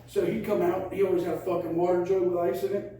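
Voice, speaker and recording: High-voiced profane man telling stories. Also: little pitch movement, fast talker, dark tone. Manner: profane, rambling anecdotes. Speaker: podcast co-host. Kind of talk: casual drinking chat, storytelling. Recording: echoey room, mic at a distance.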